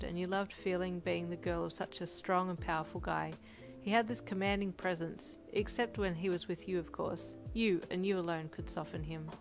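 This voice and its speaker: A woman narrates a second-person fanfic in a soft, even storytelling voice, pitched a little low. Music plays clearly behind her. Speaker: audiobook narrator.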